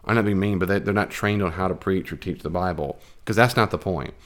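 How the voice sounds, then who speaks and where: Animated, low-voiced man teaching a Bible class. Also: quick pace. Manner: conversational, animated, with frequent fillers and restarts.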